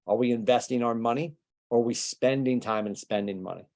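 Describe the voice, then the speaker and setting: A male business coach gives a motivational training talk in a relaxed, mellow voice. He talks casually and keeps firing rhetorical questions at his listeners. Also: mid-range voice. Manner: conversational, rapid-fire rhetorical questions.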